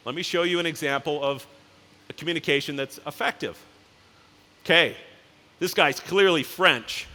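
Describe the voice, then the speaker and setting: Fairly high in pitch and sharp in tone, the CEO speaks casually at a conference keynote. The large hall gives the recording a reverberant sound, and he tells stories while acting out characters in quick voices.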